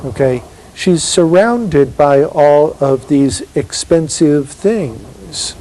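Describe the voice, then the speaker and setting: Slow, mellow-voiced male lecturer. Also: on the high side, lively intonation, poor audio. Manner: slow, emphatic reading of poetry with rhetorical questions. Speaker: university English lecturer. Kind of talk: university literature lecture.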